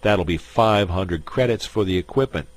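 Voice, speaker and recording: A man voicing an angry crooked game shill who shouts and whines indignantly. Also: low voice, normal speed, close to an everyday voice.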